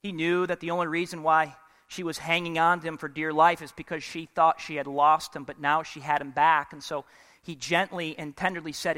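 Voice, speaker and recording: A male pastor delivers a dramatic sermon in a high, bright, forceful voice. He drops from full volume to a near hush and slips in humorous asides. The sound rings with the long reverb of a large church. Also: flat delivery, a little fast. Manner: dramatic preaching, swings from loud to hushed, with humorous asides.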